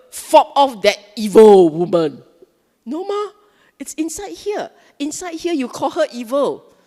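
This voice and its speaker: A woman with a Singaporean English accent giving a Buddhist dharma talk, animated and often asking her audience questions. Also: high-pitched, long reverb tail. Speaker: Dhamma speaker. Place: Buddhist centre hall.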